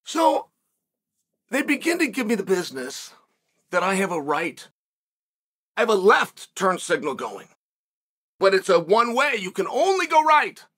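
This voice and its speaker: A middle-aged man hosts a casual studio monologue, spinning a story with lively swings up and down in pitch. His voice is bright and carries a husky edge. He jumps into the quotes he is telling, acting them out as he goes. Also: unhurried, pauses often. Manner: animated, acts out shouted quotes. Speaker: show host.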